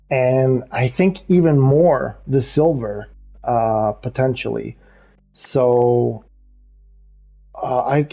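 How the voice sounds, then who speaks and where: This mellow, mid-range male voice belongs to a livestreamer playing a racing game, giving loose, casual commentary as he plays. He rambles, talks to his chat, and laughs a lot, all over dull lo-fi stream audio.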